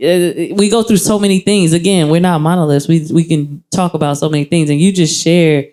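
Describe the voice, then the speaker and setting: Animated Texan woman hosting an open mic. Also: sits low, brisk. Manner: animated, acts out voices in quotes, slangy. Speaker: host of a poetry open mic. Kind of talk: live feedback to a performer. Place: live poetry event venue.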